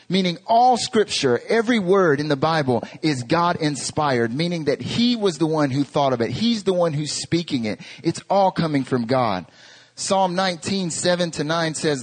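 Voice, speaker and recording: A man in his thirties from North Carolina, a pastor preaching a sermon with lively storytelling and rhetorical questions. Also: a little high, normal speed. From North Carolina, USA.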